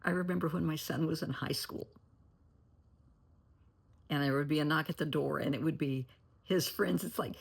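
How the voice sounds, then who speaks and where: Middle-aged lady therapist, low gravelly husky voice, earnest warnings, keeps dropping to a whisper. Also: fairly quick, pauses often. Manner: earnest and cautionary, often dropping to a near-whisper. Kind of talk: direct-to-camera advice talk.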